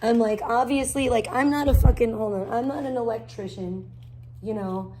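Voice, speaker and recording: A young woman livestreams from her home garage, rambling animatedly and swearing heavily as she chats casually. Her voice is a little high at a moderate pace, with slight background noise.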